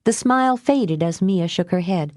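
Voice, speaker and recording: A woman reading an audiobook aloud, lifting her pitch for dialogue and dropping low for the narration. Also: animated, normal speed, a little mellow, no echo, studio quality. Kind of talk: audiobook narration with character voices.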